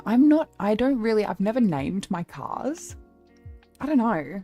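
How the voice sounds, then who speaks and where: A woman's voice: medium pitch, big pitch swings, measured pace, mellow, soft background music. Playful, swearing Australian woman streamer. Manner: playful, swears freely, laughs often. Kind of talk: casual livestream chat.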